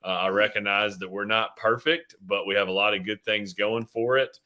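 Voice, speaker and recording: Bright-voiced earnest man, halting speech. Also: on the low side, steady tone. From Tennessee. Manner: earnest, many fillers and restarts. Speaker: city mayor, guest. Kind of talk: casual interview answers.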